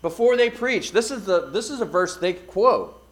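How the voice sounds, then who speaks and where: High-voiced preaching man. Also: normal speed. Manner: expressive preaching, swelling loud then dropping quiet. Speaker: pastor. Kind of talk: sermon.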